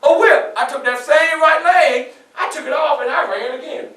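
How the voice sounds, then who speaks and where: Man doing frederick douglass live, bright forceful shouting, echoey room, mic far off. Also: extremely high pitch, moderate pace. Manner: animated, often shouting, audience call-and-response. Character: Frederick Douglass, a defiant young man escaping slavery. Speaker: historical portrayer. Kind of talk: first-person storytelling performance. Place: public library event room.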